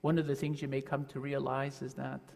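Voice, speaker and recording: A man from New Jersey speaks to children as a guest imam in a worship service. His mid-pitched voice has a gravelly edge, and he talks to them in a relaxed, friendly way. His voice echoes through the church with a long reverb. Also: fairly quick. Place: church sanctuary.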